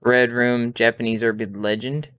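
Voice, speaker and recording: A man playing a video game, reading its texts aloud and reacting in a quick, jumpy way. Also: mid-range voice, level tone, clear, resonant tone, no room sound, lo-fi sound. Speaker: let's play gamer. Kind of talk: casual game commentary.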